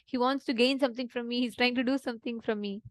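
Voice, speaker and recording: A woman's voice: on the high side, steady tone, fast talker, no echo, close to an everyday voice. A woman voicing a frightened, indignant man. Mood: panicked. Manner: indignant, pleading questions. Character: bewildered frightened man forced awake by a stranger.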